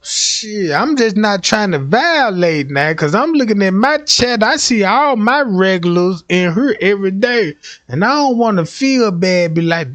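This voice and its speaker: Young man, livestreamer, high voice, swooping wildly, profane comic rants, dry close sound. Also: expressive, measured pace, fairly bright tone, no room sound. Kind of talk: casual livestream storytelling.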